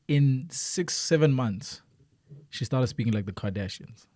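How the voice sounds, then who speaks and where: A man's voice: medium pitch, big pitch swings, slow pace, mellow, dry recording. Laid-back South African man, dry studio sound. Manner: laid-back, storytelling, many fillers. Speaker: podcast co-host. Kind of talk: casual chat.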